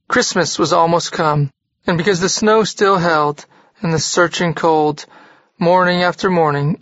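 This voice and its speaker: A man reading a classic novel aloud in a steady, measured way. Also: a little high, dry recording, muffled recording. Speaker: audiobook narrator. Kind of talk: scripted narration of a classic novel.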